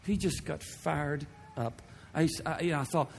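A man's voice: fairly high pitch, unhurried, creaky, slight background noise. A male pastor preaching a sermon with fervent, repetitive phrasing and rhetorical questions. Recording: long reverb of a large hall.

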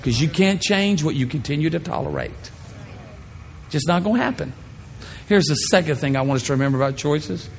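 A man preaching a sermon, telling playful stories and acting out shouted voices. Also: on the high side, brisk, vocal fry, big-room sound, slight background noise. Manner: animated, playful storytelling with shouted impressions. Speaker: pastor.

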